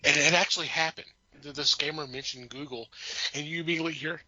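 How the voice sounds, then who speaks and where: A man rambles through an amused story as a podcast co-host, often restarting his sentences. His voice is very bright and sits close in a dry space. The audio sounds a little dull. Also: fairly high pitch, steady tone, fast talker, no room sound. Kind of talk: casual chat.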